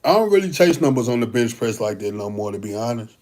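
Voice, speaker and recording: A man's voice: medium pitch, sing-song, quick pace, darkish tone. Laid-back man answering livestream chat. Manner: laid-back, chats with viewers, slangy, restarts often. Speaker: bodybuilder livestream host. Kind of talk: casual livestream Q&A.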